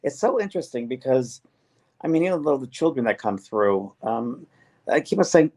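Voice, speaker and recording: Speaking at a medium pitch with a sing-song, dark tone, a man acting as medium hosts a casual spiritual chat. He talks earnestly but haltingly, restarting his sentences again and again.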